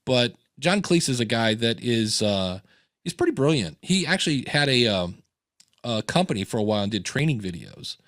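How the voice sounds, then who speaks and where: A man's voice: medium pitch, dry recording, studio quality. A man hosting a podcast in casual chat, telling stories and acting out quotes with animation. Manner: animated storyteller, acts out quotes. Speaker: podcast host.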